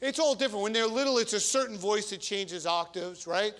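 A man's voice: sits high, brisk, a bit bright. A man preaching a sermon as a priest, conversational and emphatic, with frequent repetitions and restarts.

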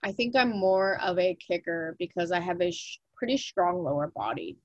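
Chatty young woman, lowish voice. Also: lively intonation, normal speed, no echo, dull audio. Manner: chatty, frequent "like" fillers, swears casually. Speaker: podcast co-host. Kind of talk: casual chat.

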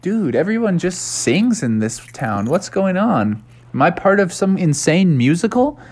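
Curious George is a curious, excitable young monkey in an improvised storybook tale, voiced by a man. His voice jumps way up into a squeaky high register and swings all over the place. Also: a little slow, slightly rough, exaggerated voice. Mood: puzzled.

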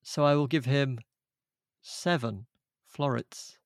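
Gravelly man hosting a comedy podcast. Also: medium pitch, slow, no room sound, clean studio sound. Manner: jokey, mock-grand announcements. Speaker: podcast host. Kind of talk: casual comedy podcast chat.

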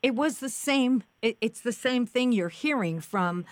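A woman's voice: on the high side, expressive, measured pace, no room sound. A woman hosting a Christian talk show, affirming her guest with devout interjections. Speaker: host.

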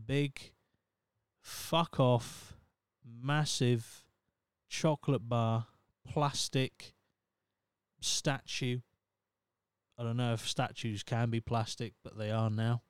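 A young man hosts a comedy podcast, reading articles aloud and breaking off into sarcastic, profane rants. His voice is smooth and full-bodied. The sound is dry, with no room around it. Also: mid-range voice, no echo. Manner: ranting, sweary, sarcastic asides. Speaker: podcast host. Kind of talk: casual comedic commentary.

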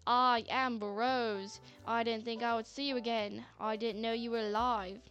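A man's voice: very high voice, fairly even intonation, unhurried, muffled recording. A woman voicing a sleazy, grinning man of about thirty whose accent keeps shifting. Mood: overfriendly. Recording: faint music bed.

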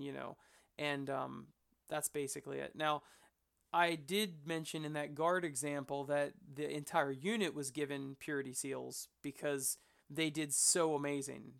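Bright, gravelly man talking hobby. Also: a little high. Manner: enthusiastic, rambling, self-deprecating. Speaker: hobby channel host. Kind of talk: casual hobby talk to camera.

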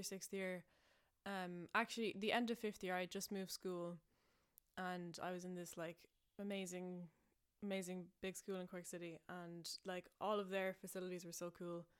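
A young woman with an Irish accent tells a story to her podcast listeners. She talks in a loose, rambling way, full of "like" and "um", and she often laughs at herself. Her voice sits at a middle pitch for a woman. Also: clear, resonant tone. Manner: chatty and self-mocking, laughing often, many fillers. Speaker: podcast host.

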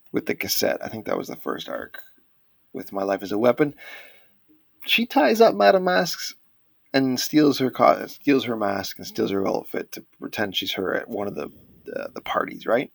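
A man co-hosts a casual comic book chat, recapping scenes and acting out bits of dialogue. His voice has a gravelly edge. The sound is dry and close, with no room around it. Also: on the low side, big pitch swings, moderate pace, long pauses, dry recording. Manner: chatty, recaps with quoted lines. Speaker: podcast co-host.

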